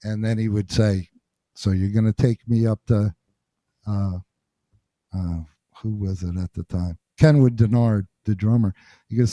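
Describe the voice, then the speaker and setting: A man from New Jersey, a bassist and interview guest, telling stories in an animated way and acting out what people said. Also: unhurried, pauses often, dry recording. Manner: animated storyteller acting out quotes. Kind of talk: storytelling interview.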